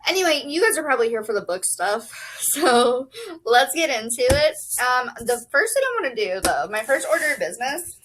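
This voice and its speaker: A young woman chatting casually to camera as a book vlogger, bubbly and excitable, full of "like" and "um". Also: high-pitched, a little fast, background noise.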